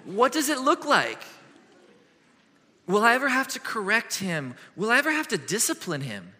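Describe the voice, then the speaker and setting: A man preaching a sermon as a pastor, animated and earnest, moving between lively questions and hushed, gentle passages. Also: extremely high pitch, normal speed. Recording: long hall reverb.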